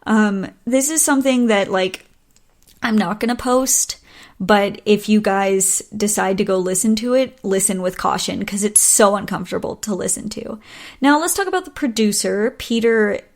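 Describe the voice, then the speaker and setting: Woman podcast host just chatting, lots of ums and little laughs, medium pitched voice. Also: moderate pace. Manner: chatty, laughs often, many ums and likes. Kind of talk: casual solo podcast chat.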